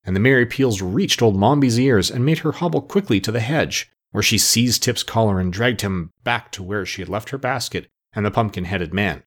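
A man narrating a storybook aloud in an expressive storytelling manner. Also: fairly low pitch, normal speed, hardly any pauses. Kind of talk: audiobook narration.

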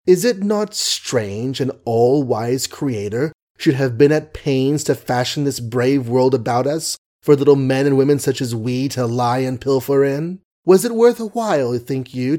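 A man reading an audiobook, voicing a cynical gentleman poseur who speaks in an ironic, lofty, theatrical manner. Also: mid-range voice, close to an everyday voice.

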